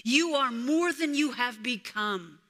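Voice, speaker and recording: A woman voicing a regal male lion king's spirit, speaking slow, lowered and solemn. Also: expressive, bright, forceful tone, full character voice. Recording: reverberant hall.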